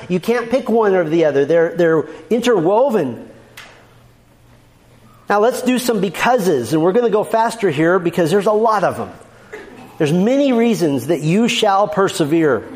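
A man's voice: high-pitched, darkish tone. A man preaching a sermon as a pastor, emphatic, repeating his key lines and quoting scripture verse by verse.

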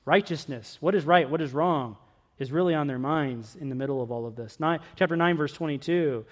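A middle-aged man preaching a sermon, earnest, swinging from loud pleading questions to hushed emphasis. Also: fairly high pitch, brisk.

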